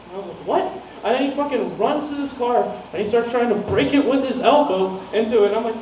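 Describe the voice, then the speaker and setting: A young man tells a rambling, profane stand-up story with a high, light voice, chuckling at his own lines. The sound is distant and roomy, with a low hiss under it in a small comedy venue. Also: fast talker, hardly any pauses, darkish tone. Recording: echoey room, mic heard from far off, some noise.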